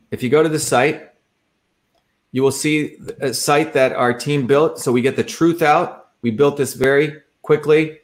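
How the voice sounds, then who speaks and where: A man who is a political candidate, giving a combative, repetitive campaign talk over a livestream. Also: medium pitch.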